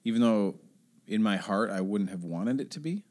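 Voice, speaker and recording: Soft-spoken low-voiced man reflecting. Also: expressive, normal speed. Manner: reflective, soft-spoken, acts out quoted exchanges. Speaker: youth pastor. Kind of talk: casual podcast chat.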